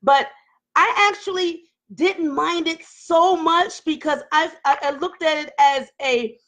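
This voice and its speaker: A woman's voice: sits high, a little slow, fairly bright tone. A woman in her forties hosting a candid live-stream talk, speaking emotionally and laughing nervously as she opens up. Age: 40s. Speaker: host.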